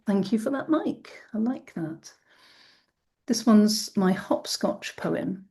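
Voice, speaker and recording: Open mic woman, super slow and mellow, soft and relaxed. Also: mid-range voice.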